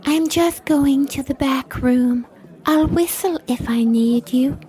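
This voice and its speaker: A woman's voice: sits high, slow, warm tone, voice pushed up. A woman voicing a sly, scheming young femme fatale in a storybook reading, with a sugary, mocking manner. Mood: coy. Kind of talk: storybook character voice.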